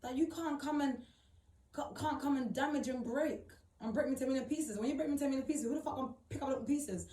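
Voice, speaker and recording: A woman's voice: sits high, fast talker, dark tone. A young woman telling her own story in a blunt, emotional, slangy way, swearing often. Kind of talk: personal account, casual monologue. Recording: roomy, distant mic.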